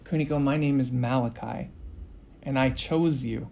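A man's voice: medium pitch, normal speed, vocal fry, dark tone, close to an everyday voice. A man voicing a swaggering, mocking leader. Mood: smooth.

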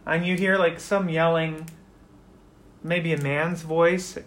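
A game master narrating a tabletop role-playing scene in a relaxed way, with many fillers. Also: mid-range voice, slow pace.

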